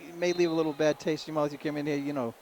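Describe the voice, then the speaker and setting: A man giving folksy color commentary on a local high school basketball game, rambling and repeating words, with faint noise behind him. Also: little pitch movement, rapid-fire, darkish tone.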